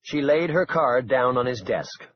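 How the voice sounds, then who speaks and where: Expressive male audiobook narrator. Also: mid-range voice, a little slow, dull audio. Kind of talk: scripted suspense narration.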